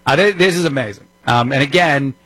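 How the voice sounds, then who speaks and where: Fill-in talk host with a New Jersey accent. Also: male voice, mid-range voice, fairly quick, fairly bright tone, slightly rough, dry recording, faint music behind, poor audio. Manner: conversational, wry, frequent ums and uhs. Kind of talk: political talk radio monologue.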